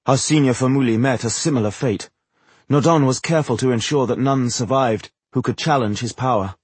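A man voicing a stern, commanding woman mage in an audiobook, speaking grimly and forcefully. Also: medium pitch, normal speed, husky, no echo, close to an everyday voice. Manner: grim, clipped, forceful.

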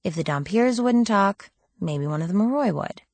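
A woman narrating a first-person audiobook in a wry, lively storytelling manner. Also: mid-range voice, normal speed, no room sound.

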